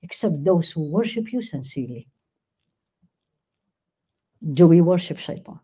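A woman's voice: low voice, animated, a little slow, dark tone, slightly rough. A woman teaching a religious class, emphatic, questioning her listeners and reciting verses. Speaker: Quran teacher.

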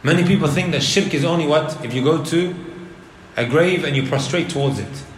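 A man giving a religious lecture to a live audience, animated and asking the crowd rhetorical questions. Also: a little high, fairly quick. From Leicester, England. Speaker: Islamic preacher. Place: indoor hall with an audience. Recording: roomy lecture hall.

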